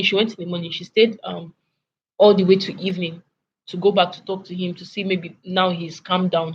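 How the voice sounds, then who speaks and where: A young woman in her twenties with a Nigerian accent, telling a story casually and animatedly as a vlogger, sometimes clearing her throat. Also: fairly low pitch. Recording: lo-fi with faint background noise.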